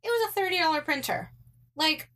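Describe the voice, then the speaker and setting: A young woman with a slightly high voice tells a story in a loose, chatty way. She fills her sentences with likes and ums and drops in dry, sarcastic asides. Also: lively intonation, fairly quick, bright, forceful tone. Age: young adult. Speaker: guest telling a story. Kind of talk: casual storytelling chat.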